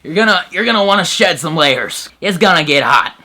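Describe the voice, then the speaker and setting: A young comedy sketch host with a bright, forward, slightly high voice speaks fairly quickly in a satirical bit. He narrates in a flat, dry, mock-serious tone before erupting into crude, shouty bro outbursts. The humor stays sarcastic and profane the whole way through.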